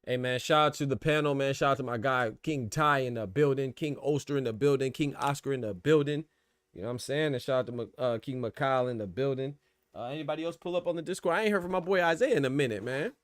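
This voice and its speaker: A man hosting a boxing podcast live stream, casual and slangy, trash-talking his chat and laughing loudly. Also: medium pitch, fast.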